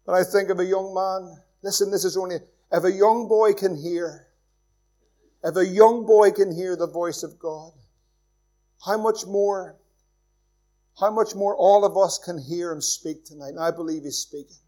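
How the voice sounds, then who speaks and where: A Northern Irish pastor preaching with a notably high voice. He is earnest and pleading, builds to strong emphatic peaks, then drops to near-hushed, intimate lines. A church sermon delivered to a congregation. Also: steady tone, a little slow. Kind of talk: evening sermon.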